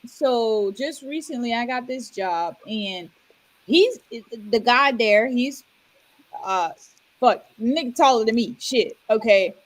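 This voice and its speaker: A woman co-hosting a podcast, telling a story in relaxed, chatty casual talk. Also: fairly high pitch, slow, rough recording. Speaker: podcast co-host. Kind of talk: casual chat.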